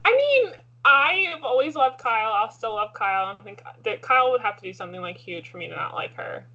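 Woman, co-host, husky voice, rambling and excitable, dull lo-fi sound. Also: fairly high pitch, fairly quick. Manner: rambling, many "like" fillers, excitable. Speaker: podcast co-host. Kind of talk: casual chat about reality TV.

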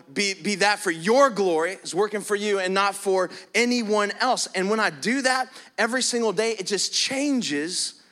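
A man preaching a sermon, shifting between quiet prayerful passages and loud emphatic stretches. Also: high-pitched. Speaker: pastor.

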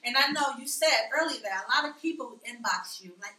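A woman hosting a casual chat among friends, talking fast and emphatically and often talking over the others. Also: high-pitched, expressive, bright, forceful tone, roomy sound, distant mic, a little hiss or hum, low-quality recording. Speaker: host.

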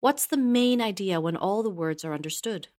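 A woman narrating a scripted instructional lesson at a medium pitch. She reads in a measured, even way and slows down to stress key words. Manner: measured, even reading with slow emphasis. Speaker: course narrator.

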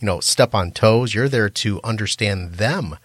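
A man speaking as a podcast guest in a thoughtful, measured way. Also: lowish voice, breathy edge, no room sound. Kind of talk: casual podcast chat.

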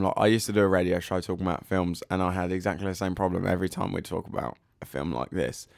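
A man co-hosting a podcast, loud and jokey, rambling in casual chat. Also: low voice, vocal fry, clean tone, no room sound, studio quality. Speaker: podcast co-host. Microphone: close podcast mic.

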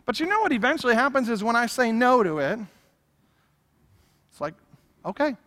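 A pastor preaches in a high, bright, forceful voice, chatty and animated as he acts out asides. His words ring out with the long reverb of a large church sanctuary. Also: brisk. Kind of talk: sermon.

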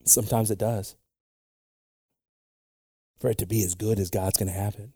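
A man preaching a bilingual sermon with passion, dropping to hushed whispers and rising to shouts. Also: fairly low pitch, fairly even intonation, normal speed, husky, no room sound, studio quality.

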